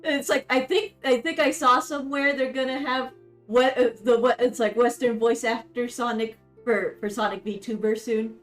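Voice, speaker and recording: A woman's voice: on the high side, fairly even intonation, moderate pace. Playful stammering woman, roomy sound. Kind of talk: casual chat. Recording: roomy with faint music.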